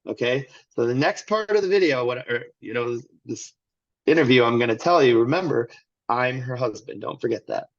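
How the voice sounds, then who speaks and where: A man's voice: medium pitch, lively intonation, moderate pace, dry recording, lo-fi sound. A man as an interview guest, candidly telling a personal story in a rambling way with many restarts. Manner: rambling, restarts often, acts out quotes.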